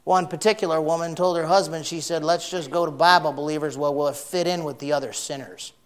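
A middle-aged man preaching a sermon, folksy and blunt, swinging from loud shouts to soft, emotional storytelling. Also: a little high, steady tone, brisk. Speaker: pastor.

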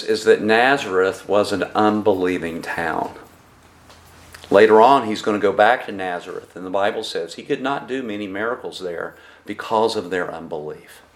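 A man preaching a sermon to his congregation, deliberate and measured, posing rhetorical questions to his listeners. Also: lowish voice. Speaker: pastor.

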